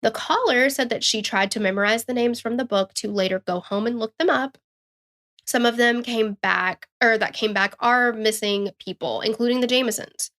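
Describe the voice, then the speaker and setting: A woman co-hosting a true-crime podcast, reading the case notes in a steady, matter-of-fact way. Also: on the high side, moderate pace. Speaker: podcast co-host.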